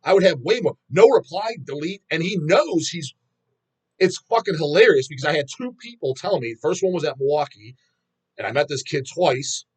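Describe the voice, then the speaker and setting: A man's voice: on the high side, animated, moderate pace, slightly rough. A man hosting a metal channel, ranting bluntly in a rambling, profanity-heavy vlog monologue.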